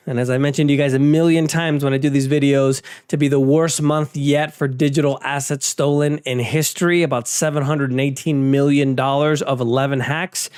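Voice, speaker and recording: A man's voice: medium pitch, a little mellow, smooth, dry recording, studio quality. A man hosting a casual market and crypto news rundown, talking offhand with sarcastic asides and frequent restarts. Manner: frequent restarts and fillers, conversational. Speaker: host.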